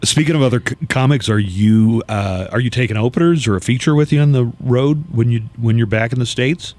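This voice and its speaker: A man's voice: medium pitch, brisk, a little mellow. A male radio host asking questions in a casual interview, easygoing and laughing often.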